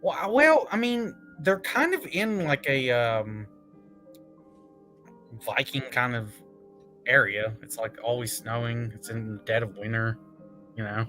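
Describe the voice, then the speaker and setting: An excitable man hosts a casual comic review, his voice bright and forceful as he laughs and swears his way through his opinions. His pitch sits at an ordinary middle, with faint music playing underneath. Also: a little slow, long pauses.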